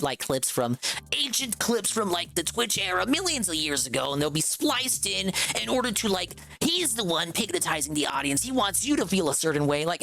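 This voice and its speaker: A man's voice: fairly high pitch, a bit bright. A man streaming a reaction to a video, talking in a sarcastic, rambling way full of filler words.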